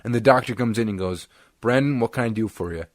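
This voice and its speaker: This young podcast co-host talks fast in a low-leaning voice, recorded dry at studio quality. He's animated as he tells a casual story, doing the voices of everyone involved.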